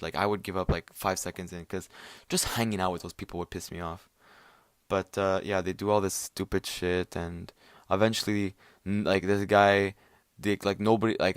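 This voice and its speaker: A man's voice: deep voice, dry recording, studio quality. A young man in his late teens talking alone at home late at night, rambling and swearing, full of fillers and restarts. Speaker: vlogger. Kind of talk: rambling casual monologue.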